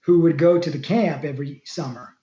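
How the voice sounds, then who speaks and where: A man from Florida, a former wrestler, telling his story as a guest in a casual interview, rambling and relaxed. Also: fairly high pitch, a little fast, echoey room, muffled recording. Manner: relaxed, rambling, laughs while telling stories.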